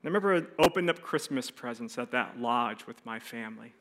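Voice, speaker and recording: A man preaching a sermon, telling a personal story with animated voices and quiet, serious stretches. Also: mid-range voice, a little fast, a little hiss or hum. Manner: animated storyteller, acts out voices, drops soft for serious moments. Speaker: pastor.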